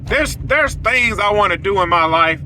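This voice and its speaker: A welder hosting his own show speaks to viewers in a high, pushed, bright voice with lively intonation at a normal speed, telling a casual story in a blunt, preachy way. The low-quality recording carries slight background noise.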